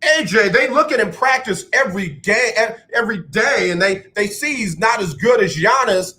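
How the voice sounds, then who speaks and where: Rambling through a sports monologue at a normal speed, this radio host has a high, bright voice with a sharp, forceful edge. He stays animated and pokes fun at himself whenever his facts slip.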